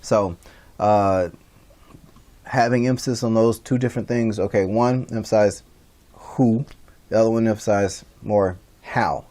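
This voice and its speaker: A low-voiced man gives a relaxed classroom lecture over a livestream. He rambles, restarts sentences and fills pauses often, speaking in an easygoing, conversational way. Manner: loose and rambling, many fillers and restarts. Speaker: instructor.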